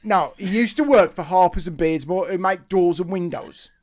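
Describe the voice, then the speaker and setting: Male co-host, storyteller type, animated and giggly. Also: high voice, normal speed. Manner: animated, laughing anecdote-teller who acts out quotes. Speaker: podcast co-host. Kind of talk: casual storytelling chat.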